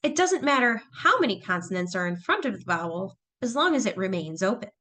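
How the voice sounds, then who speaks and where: A woman's voice: mid-range voice, very animated, brisk, sharp tone. A woman teacher explaining phonics patiently, step by step. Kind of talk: phonics lesson narration.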